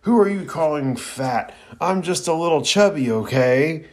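A man voicing a chubby, timid boy ninja who snaps into rage, reading the lines frantically and loudly. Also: medium pitch, big pitch swings, slow. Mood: furious. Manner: frantic, then roaring furiously.

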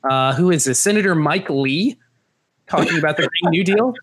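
A man's voice: on the high side, normal speed, fairly bright tone. A man co-hosting a podcast, chatting casually and breaking into giggles. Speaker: podcast co-host. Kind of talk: casual chat.

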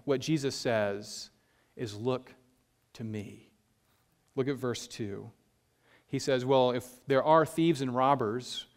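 A man preaching a sermon, reading scripture slowly and explaining it in a casual, conversational way with frequent fillers. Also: mid-range voice, a little mellow. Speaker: pastor.

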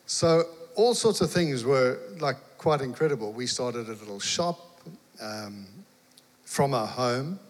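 A man preaching, telling a lively personal story and acting out the dialogue. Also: medium pitch, a little slow. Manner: animated storyteller, acts out dialogue, laughs. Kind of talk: storytelling sermon. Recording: long hall reverb.

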